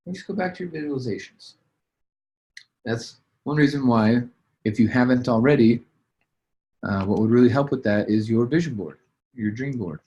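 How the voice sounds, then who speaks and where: A man's voice: mid-range voice, normal speed, long pauses, darkish tone, muffled recording. Casual motivational coach, plain man's voice. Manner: casual, conversational, many fillers and restarts. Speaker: business coach. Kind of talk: motivational training talk. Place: at a desk, writing as he talks.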